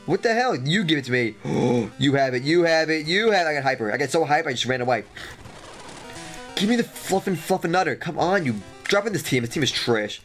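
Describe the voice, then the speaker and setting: A man giving excitable, jokey gameplay commentary as a let's play host, exclaiming and repeating himself, with faint guitar music behind. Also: fairly high pitch, brisk.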